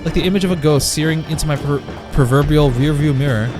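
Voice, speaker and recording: A man's voice: a little high, fast talker. Man reading game text with laughing asides. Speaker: let's play streamer. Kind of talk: reading a visual novel aloud with reactions. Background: game music.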